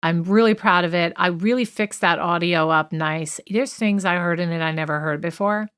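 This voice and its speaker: A woman's voice: lowish voice, moderate pace, fairly bright tone, smooth. A woman co-hosting a true crime podcast, talking through a list in a chatty, opinionated way with many fillers and asides. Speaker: podcast co-host.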